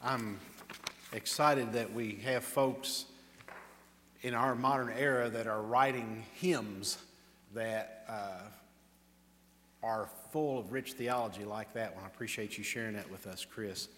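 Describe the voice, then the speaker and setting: A man preaching as pastor at an evening church service, in an earnest, warm manner, reading scripture aloud and praying softly. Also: on the low side, fairly even intonation, a little slow, a little hiss or hum. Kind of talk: sermon. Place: church sanctuary. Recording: reverberant church hall.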